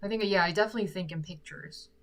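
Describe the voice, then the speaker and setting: Woman with an american accent chatting on a livestream from her room, kinda low voice, rambly and joking about herself. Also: fast. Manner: chatty and self-deprecating. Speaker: singer and livestream host. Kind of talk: casual livestream Q&A. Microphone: sock-covered microphone.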